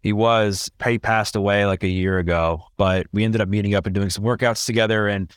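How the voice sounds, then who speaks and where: A podcast guest with a fairly low male voice recounts his story in an interview, candid, earnest, and openly emotional. He talks in a heartfelt, conversational way, a little fast, with fairly even intonation and a smooth sound, recorded close and dry.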